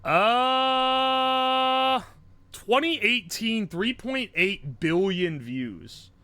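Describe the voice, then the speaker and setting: A man's voice: high-pitched, big pitch swings, a little slow, sharp tone, no echo. A man streaming live and chatting casually, rambling, swearing often, laughing a lot and humming tunes.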